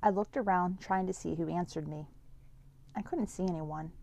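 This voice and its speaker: A woman's voice: lowish voice, moderate pace, gravelly, mellow. A woman reading a first-person story aloud in a plain, conversational way.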